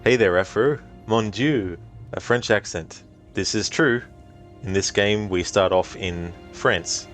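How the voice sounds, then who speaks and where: Deep-voiced man streaming a game. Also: slow pace, faint music behind. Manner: relaxed, reads chat aloud, many ums. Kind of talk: casual let's-play commentary.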